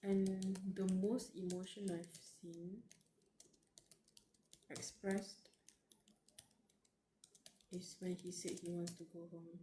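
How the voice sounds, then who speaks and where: Woman streamer, live reading reactions, slow and rambling, roomy echo, faint keyboard typing behind. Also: on the low side, level tone, mellow. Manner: rambling, emotional, many fillers. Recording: roomy with faint background noise.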